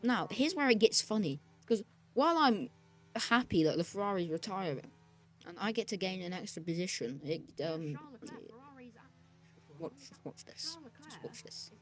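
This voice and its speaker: A man's voice: sits high, lively intonation, normal speed, fairly bright tone. Male gaming creator, joking sarcastic race commentary. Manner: joking, self-mocking and sarcastic. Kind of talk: narrated racing game commentary. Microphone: desk mic, sometimes speaking off-mic.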